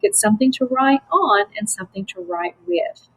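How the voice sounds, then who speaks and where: A woman's voice: medium pitch, animated, fairly bright tone, low-quality recording. Patient woman teaching a phonics lesson. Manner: slow, patient and encouraging.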